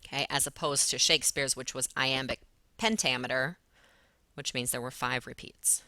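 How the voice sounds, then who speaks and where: A woman's voice: extremely low pitch, moderate pace, pushed and bright, no echo. A woman teacher patiently walking students through a poem step by step in a recorded lesson. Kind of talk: recorded lesson explaining poetry.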